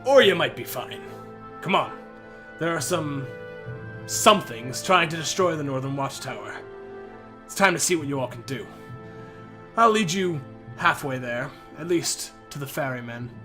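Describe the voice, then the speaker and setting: A man voicing a brash, boastful half-orc guard captain in a tabletop game, speaking loud and swaggering. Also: on the high side, animated, normal speed, pauses often, faint music behind. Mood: kindly.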